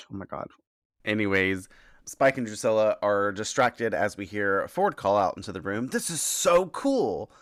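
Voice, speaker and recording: A man hosting a podcast who recaps a TV episode in a casual, profane and animated way, full of quoted asides. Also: on the low side, moderate pace, clean tone, no room sound, studio quality. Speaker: podcast host.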